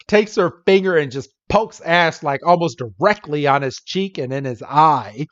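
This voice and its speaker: A man's voice: fairly high pitch, normal speed, few pauses, no echo, dull audio. A man co-hosting a podcast, recapping a cartoon episode in a casual, comedic way and often acting out the characters' lines. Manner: animated, laughs often, acts out characters' lines. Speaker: podcast co-host.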